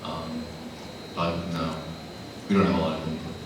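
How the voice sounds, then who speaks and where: A man answering fan questions at a convention panel, telling lively stories and acting out the voices of the people in them. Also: very deep voice, normal speed. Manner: animated storyteller, acting out quoted voices. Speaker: voice actor, panel guest. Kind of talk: convention Q&A storytelling. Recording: echoey hall, far from mic, noisy.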